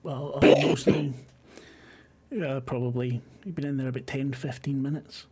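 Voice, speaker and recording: Man, game master, mid-pitched voice, halting descriptive narration, horror tabletop game. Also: level tone, warm tone, husky. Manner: halting, descriptive scene-setting.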